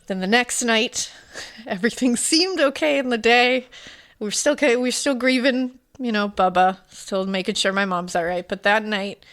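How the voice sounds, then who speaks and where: A woman's voice: a little high, normal speed, a bit bright. A woman co-hosting a podcast, telling a personal story in casual chat, rambling and emotional with lots of fillers. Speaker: podcast co-host.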